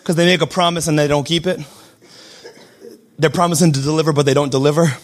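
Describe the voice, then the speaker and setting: A young adult man preaching a sermon, switching between shouted declarations and quiet, joking asides. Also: a little high, fairly even intonation, quick pace. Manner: self-deprecating humor. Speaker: pastor.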